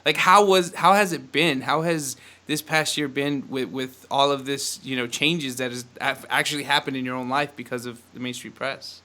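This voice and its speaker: A man hosting a podcast in an energetic, fast-talking way, laughing often. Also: mid-range voice. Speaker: podcast host. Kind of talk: casual upbeat podcast chat.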